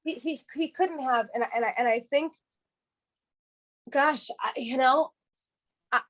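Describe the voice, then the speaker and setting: Earnest woman, halting and heartfelt. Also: high-pitched. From New York. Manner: halting, repeats words and restarts often. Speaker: guest. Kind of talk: emotional interview, candid storytelling.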